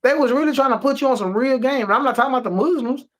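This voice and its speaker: A male podcast co-host with a very high-pitched voice talks very fast on a casual talk show. He launches into an emphatic, animated rant laced with profanity as the discussion heats up.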